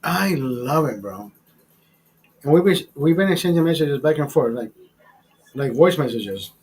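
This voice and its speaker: Male stream host, slightly high voice, profane and rambling. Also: animated, a little slow, a little mellow. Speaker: livestream host. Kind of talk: casual crude chat.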